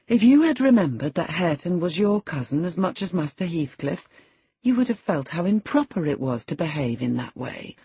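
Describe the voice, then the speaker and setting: A woman's voice: low-pitched, darkish tone, slightly rough, dry recording, heavily acted. A woman voicing a firm, scolding housekeeper. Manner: firm, reproving, earnest.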